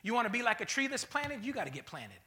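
A man preaching a sermon as pastor, swinging between loud bursts and mocking voices. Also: very high-pitched, sing-song, fast talker.

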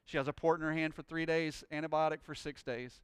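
A man preaching a sermon, telling a personal story and rising into loud, joyful praise. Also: on the high side, fairly even intonation, fairly quick, smooth, no echo, studio quality. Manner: exuberant, shouting praise. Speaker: pastor.

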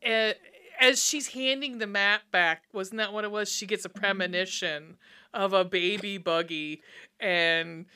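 A woman co-hosting a casual movie recap podcast, talking in a bright, crisp, clear voice. She swears freely and laughs often, keeping things playful and loose. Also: medium pitch, steady tone, a little slow. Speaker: podcast co-host.

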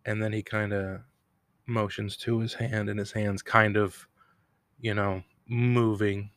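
A man with a lower voice and a slightly bright tone delivers a flat, measured solo recap of a TV episode for his podcast. Rambling and self-deprecating, he jokes and laughs at his own lines. The home recording room gives a dry, studio-quality sound, and a cat bell jingles nearby.

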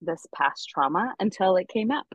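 A woman's voice: fairly low pitch, expressive, normal speed, no echo, low-quality recording. A woman co-hosting a podcast, telling a story in a candid, profane, casual way with lots of fillers. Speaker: podcast co-host. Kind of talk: casual chat.

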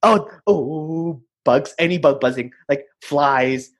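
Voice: mid-range voice, slow pace. A young adult in a casual chat, telling stories with lots of fillers and restarts. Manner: animated storyteller, many fillers.

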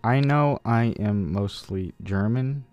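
Slangy low-voiced young guy, dry. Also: takes it slowly, darkish tone, dry recording, soft background music. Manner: slangy, teasing. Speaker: movie commentary co-host. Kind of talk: casual joking chat.

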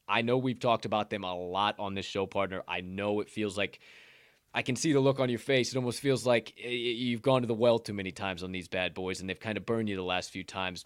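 A man's voice: on the low side, clear, resonant tone, no echo, studio quality. A man hosting a sports betting show from a sportsbook, chatting casually with loose, profane joking asides.

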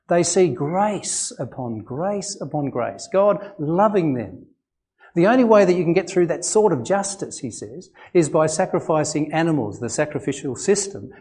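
Preaching a sermon in church, this male pastor speaks with an Australian accent in a voice on the high side. He keeps it conversational, firing off rhetorical questions and stressing points with animation.

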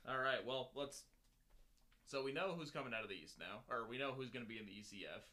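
A man's voice: medium pitch, animated, fast talker, sharp tone. A man co-hosting a casual sports talk show, easygoing and joking. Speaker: podcast co-host.

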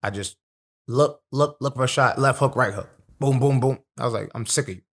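A young man's mid-range voice moves fairly quickly as he, a pro fighter, swaps fight tales in an easygoing podcast chat. He's animated, streetwise, and swears freely.

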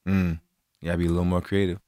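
A man's voice: low-pitched, flat delivery, very fast, warm tone. A man co-hosting a podcast, chatting casually and joking around, sometimes slipping into playful voices. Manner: joking, laid-back, slips into playful voices. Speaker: podcast co-host. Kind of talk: casual chat.

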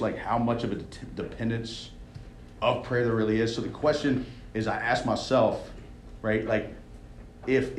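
A man's voice: medium pitch, a little hiss or hum. Young guy coach preaching hard, keeps asking all right?, echoey room. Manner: emphatic, conversational preaching with frequent "all right?" check-ins. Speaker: coach leading a devotional. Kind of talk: sermon.

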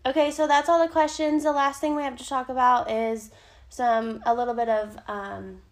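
A woman's voice: sits high, fairly even intonation, moderate pace. A young adult woman co-hosting a podcast, talking in an encouraging, upbeat way and swearing freely. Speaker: podcast co-host. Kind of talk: casual chat.

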